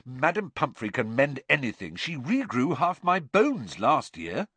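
A man reading aloud voicing a loyal, indignant teenage schoolboy who talks briskly. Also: medium pitch, very animated, a bit bright, breathy edge, dry recording, pitched above the performer's own voice, exaggerated voice.

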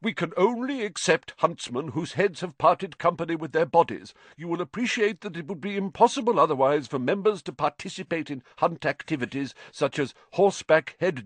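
A man's voice: mid-range voice, no room sound, pitched above the performer's own voice, close to an everyday voice. A man voicing a theatrical, old-fashioned aristocratic male ghost in an audiobook, with plummy and indignant outbursts. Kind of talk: audiobook character voice.

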